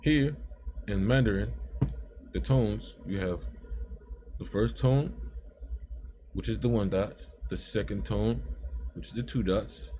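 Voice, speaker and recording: Man, slow measured delivery, warm mellow tone, casual lesson, step-by-step explanations, frequent check-ins, faint background hiss. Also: lowish voice. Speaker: teacher of a writing system. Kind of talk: casual screen-share lesson.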